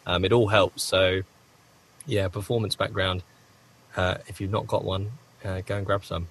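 A man with a somewhat low voice answers interview questions at length. He wanders and corrects himself as he goes, and breaks up his talk with the odd cough. He speaks from a home recording booth. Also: level tone, normal speed, a bit bright. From United Kingdom. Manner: rambling, self-correcting, frequent coughs. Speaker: voice actor guest.

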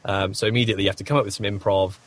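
A man's voice: on the low side, fairly even intonation, very fast. A man, a voice actor, answering interview questions in a rambling, self-correcting way with frequent coughs, speaking from a home recording booth. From United Kingdom. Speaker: voice actor guest.

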